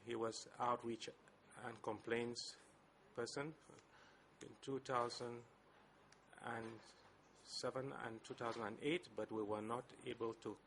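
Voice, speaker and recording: Lawyer, gravelly voice, careful and formal, bit of hiss. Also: male voice, medium pitch, steady tone, a bit bright. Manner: deliberate, measured speech with hesitations. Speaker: lead co-lawyer for civil parties. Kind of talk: formal courtroom address.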